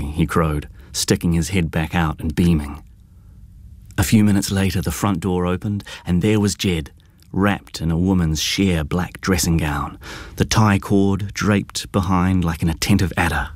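A man giving measured, scripted audiobook narration of a story. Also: deep voice, darkish tone, dry recording, clean studio sound.

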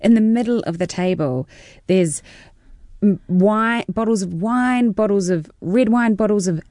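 A woman's voice: medium pitch, unhurried, dark tone, no echo, studio quality. A woman in her forties with a New Zealand accent, an actor chatting as a guest in an interview, telling stories with frequent laughs. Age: 40s. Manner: chatty, laughs often, tumbling storyteller. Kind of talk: casual interview chat.

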